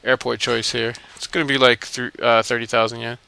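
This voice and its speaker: Bright-voiced man swearing through game commentary. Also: medium pitch, flat delivery, brisk, creaky, clear, resonant tone. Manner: profane, laughing, mocking the characters. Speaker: video game let's-play commentator. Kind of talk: casual gameplay commentary.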